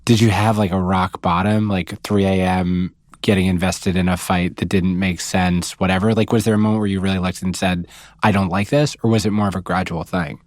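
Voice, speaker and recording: A man hosting a podcast, telling stories in a lively, casual way and acting out voices he quotes. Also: deep voice, brisk, hardly any pauses, dry recording, studio quality. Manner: animated storyteller, acts out quoted voices. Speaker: podcast host. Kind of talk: casual chat.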